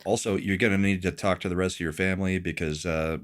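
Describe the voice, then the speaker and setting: A man's voice: low voice, steady tone, fast. A man hosting a livestreamed talk show, teasing his co-hosts with dry insults. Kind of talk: casual livestream banter.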